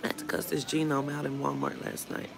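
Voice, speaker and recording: A woman vlogger with a low, gravelly voice rushes through a storytime rant in a flat tone. She recounts a run-in bluntly and with plenty of profanity. Music plays underneath her voice.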